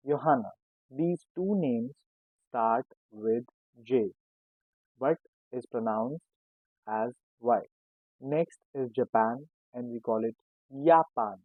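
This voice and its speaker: A male teacher walks beginners through a lesson at a slow, deliberate pace and says every example word twice. His voice comes through thin and narrow, like a phone line, in a dry, close recording. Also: mid-range voice, no room sound. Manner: slow and explanatory, repeating each word. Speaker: German language teacher. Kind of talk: casual spoken lesson. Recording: tinny phone-like sound, dry.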